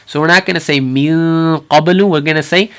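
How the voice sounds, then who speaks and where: A man's voice: a little high, steady tone, sharp tone. Man patiently teaching Quran recitation rules. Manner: patient, repeats Arabic words slowly for practice. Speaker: tajweed teacher. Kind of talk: instructional explanation with recited examples.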